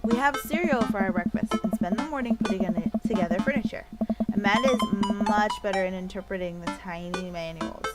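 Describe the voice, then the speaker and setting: A woman streaming a dating game, reading its first-person narration aloud in a playful, expressive way. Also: medium pitch, a little fast, loud music behind the voice. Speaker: let's play streamer.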